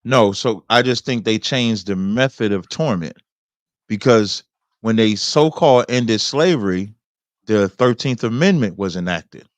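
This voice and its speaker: A man hosting a debate who reads scripture aloud in a preacherly way, slowing down for the verses. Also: lowish voice, animated, dry recording. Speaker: host.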